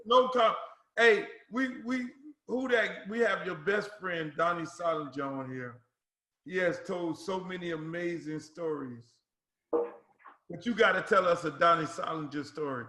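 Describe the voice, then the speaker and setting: A man's voice: high voice, unhurried, sharp tone, rough recording. A man hosting a casual group video chat, teasing guests and repeating a catchphrase, heard over a video call. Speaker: host.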